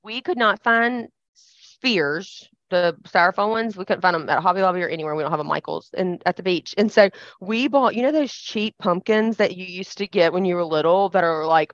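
A chatty woman co-hosting a podcast, rambling along with a lot of "like" in her talk. Her voice sits a little low for a woman. The sound is dry and a bit dull. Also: no room sound. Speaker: podcast co-host. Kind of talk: casual chat.

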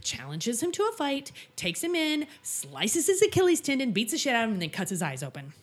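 A woman co-hosting a podcast, retelling a TV episode in casual chat, animated and quick to swear. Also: a little high, husky. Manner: animated storyteller, swears freely, mimics characters' lines. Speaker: podcast co-host.

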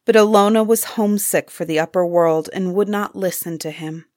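A woman narrating a fairy tale aloud in an expressive storybook style. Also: fairly low pitch, moderate pace, dry recording, studio quality.

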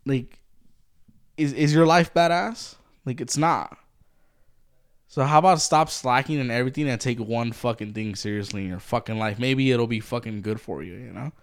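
A man's voice: mid-range voice, normal speed. A man co-hosting a podcast in casual chat, blunt and swearing constantly, with lots of "like". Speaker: podcast co-host.

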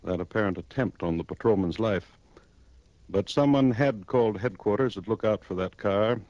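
A man's voice: fairly low pitch, normal speed, a little mellow, no echo, dull audio, natural voice. A man playing a stern, clipped radio judge. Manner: clipped, commanding, cuts others off. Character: stern male judge in robes, cold and curt. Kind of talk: 1950s radio drama acting.

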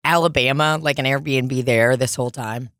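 A woman's voice: rumbling low, steady tone, moderate pace, fairly bright tone, dry recording, studio quality. A young woman co-hosting a casual chat, rambling and swearing now and then.

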